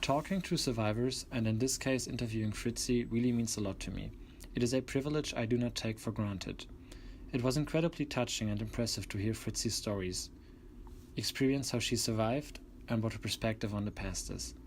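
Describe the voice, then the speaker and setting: A young man narrating as a museum intern, calm and sincere. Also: medium pitch, fairly quick, slight background noise. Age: young adult. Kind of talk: scripted narration.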